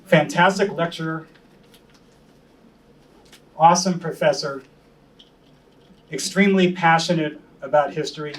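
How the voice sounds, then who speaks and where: A man introducing a guest speaker to a group in a chatty way, adding a quick plug for membership. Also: fairly high pitch. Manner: chatty, reads out quotes. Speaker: event organizer introducing the speaker. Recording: distant mic in a room with faint noise.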